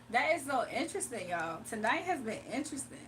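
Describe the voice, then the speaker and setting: Livestream tarot host, woman, bright high pitch, animated and laughing, light background hum. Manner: animated, laughs often, talks back to chat. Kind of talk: casual livestream chat.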